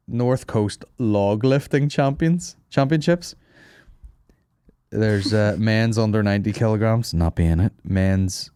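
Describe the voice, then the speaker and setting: A man's voice: lowish voice, dark tone, clean tone, no echo, studio quality. A man hosting a podcast, chatting casually with lots of swearing and joking. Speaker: podcast host. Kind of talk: casual chat.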